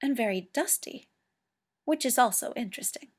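An eccentric male alien genius, put on by a woman reading aloud, bursting with nosy curiosity and quick, bouncy questions. His voice is a touch higher than the narration around him, and he comes across as excitable and full of himself. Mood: curious.

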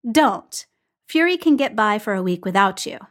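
A woman's voice: medium pitch, big pitch swings, normal speed, fairly bright tone. A woman voicing a wry, grumbling grown man. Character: wry, grumpy adult man, hungry and teasing.

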